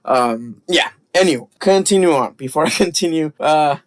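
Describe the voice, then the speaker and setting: A man's voice: a little high, moderate pace. A man guest-hosting a podcast, casually retelling a story with lots of swearing and ranting. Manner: animated storyteller, swears and rants.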